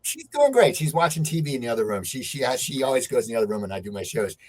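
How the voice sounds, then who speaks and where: A man hosting an interview show, asking eager, excitable questions in casual chat. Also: mid-range voice, fast. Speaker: show host.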